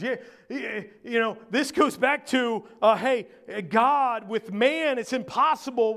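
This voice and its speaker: A preacher man with a fairly high voice delivers a sermon. He builds up to loud, emphatic lines and then drops into soft, low asides to the congregation. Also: takes it slowly, hardly any pauses. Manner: preaching with rising emphasis, dropping to quiet asides. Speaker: pastor.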